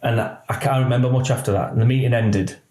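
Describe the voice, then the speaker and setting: A man, a retired police officer telling a personal story in halting speech that often quotes others. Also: medium pitch, steady tone, dark tone. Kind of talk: emotional personal account. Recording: roomy echo.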